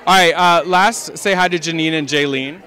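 A man's voice: on the high side, moderate pace, bright, forceful tone. A male interviewer asking casual questions and passing on fans' greetings in a friendly, chatty way. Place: outdoors at a studio lot.

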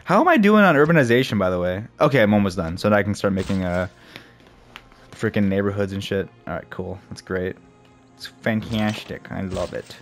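A young man with a low voice talks through a strategy game, his pitch bouncing up and down as he thinks aloud. His commentary is casual and peppered with swearing. Faint game music plays behind him. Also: animated, brisk. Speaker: gamer. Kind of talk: let's play commentary.

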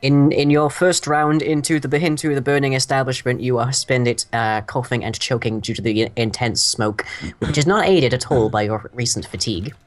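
A man's voice: medium pitch, moderate pace. A man narrating as game master of a tabletop game, hesitant, with many ums and uhs.

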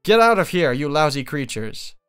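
A man's voice: mid-range voice, expressive, a little fast, a bit bright, soft background music. A man voicing a fearless, cheerful young lad who talks in a carefree, bold way. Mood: angry.

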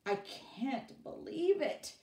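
A woman's voice: high voice, sing-song, slow pace, warm tone, voice pushed up, heavily acted. A woman reading as an indignant male landscaper. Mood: dismayed. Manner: exclaiming, stammering in disbelief. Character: shocked, angry adult male landscaper. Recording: roomy, from away from mic.

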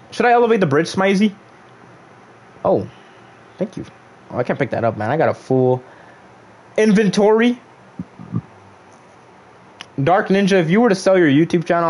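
A man's voice: a little high, big pitch swings, moderate pace, long pauses, a little mellow. A young man casually chatting on a gaming livestream, reading viewers' chat aloud and joking back at them.

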